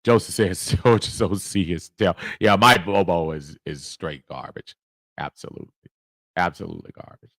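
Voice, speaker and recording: A middle-aged man hosts a fan livestream, his voice bright and forceful. He talks in a lively, chuckling way as he reads off viewer comments and shouts people out. The sound is close and dry. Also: deep voice, normal speed, dry recording. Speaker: livestream host. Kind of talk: casual sports chat reading viewer comments.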